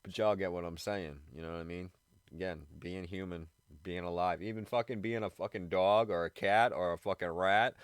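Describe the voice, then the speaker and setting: A man rambling casually on a live radio show, swearing constantly, laughing often and sounding high. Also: no room sound, clean studio sound.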